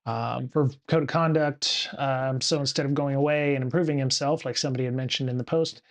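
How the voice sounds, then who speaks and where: A man's voice: medium pitch, steady tone, brisk, few pauses. A man hosting a casual livestream show, rambling with lots of fillers and restarts from a home studio. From United States. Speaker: podcast host.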